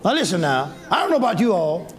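A man preaching a sermon to his congregation, folksy and exuberant, breaking into shouts and laughter. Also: high-pitched, big pitch swings, fast. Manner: folksy, talks directly to congregation members. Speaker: pastor. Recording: live church with crowd audible.

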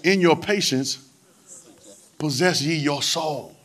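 Speaking slowly in a fairly high voice, a man delivers a call-and-response sermon in a colloquial style, repeating phrases and pressing the congregation to answer. Background noise can be heard.

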